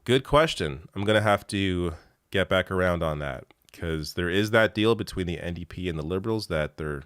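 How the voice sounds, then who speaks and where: Youngish guy rambling through chat comments live, lowish voice, laughs a lot, swears casually, dry close sound. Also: animated, moderate pace, a bit bright, no room sound. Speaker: live show host.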